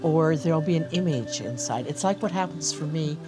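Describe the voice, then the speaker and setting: A woman speaking as an interviewee about fairy lore, calm and measured. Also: low-pitched. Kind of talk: slow reflective talk. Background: music.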